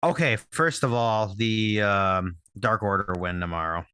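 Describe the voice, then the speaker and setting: A man's voice: fairly low pitch, measured pace, sharp tone, slight background noise. A man in a podcast chat, mostly chiming in with short, encouraging remarks. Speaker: podcast co-host. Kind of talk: casual chat.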